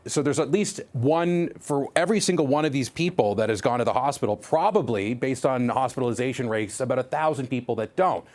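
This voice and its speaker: A man's voice: mid-range voice, brisk, few pauses, a little mellow. A male news reporter explaining a story live on air in a conversational, explanatory way, with occasional restarts.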